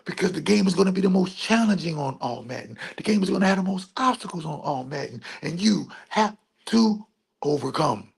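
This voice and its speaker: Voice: medium pitch, animated, fast talker, creaky, few pauses, breathy edge. A spiritual video host in a rambling monologue, asking and answering their own questions with playful wordplay and repeating phrases in a sing-song rhythm.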